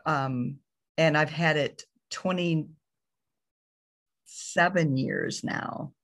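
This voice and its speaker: A woman in her fifties with a raspy voice, joking easily in casual podcast chat. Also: sits low. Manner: slow, easygoing, joking. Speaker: podcast co-host.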